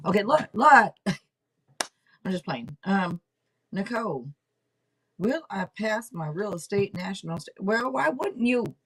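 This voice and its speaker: A woman in her forties chats casually on a live tarot stream in a medium-pitched, animated voice at a measured pace. She's loud and blunt, jokes around and swears freely, and her throat sounds a little irritated.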